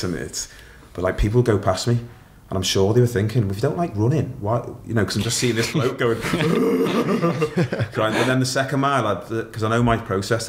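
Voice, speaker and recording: A man's voice: on the low side, reverberant. A middle-aged man, a podcast guest candidly telling his story in a matter-of-fact, casual way.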